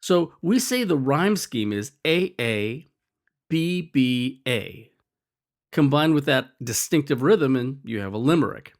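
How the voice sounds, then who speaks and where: A man talking through a scripted lesson with a lively, wry delivery. His pitch moves up and down a lot as he explains, and his tone stays clear and conversational. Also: takes it slowly. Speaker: teacher.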